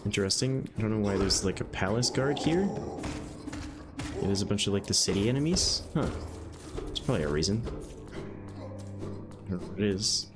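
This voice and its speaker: A man's voice: on the low side, animated, moderate pace, long pauses. A young man from the northeastern United States streaming a video game, chatting in a rambling, easygoing way full of "um"s and "like"s. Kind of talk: casual live-stream commentary while gaming. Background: game music.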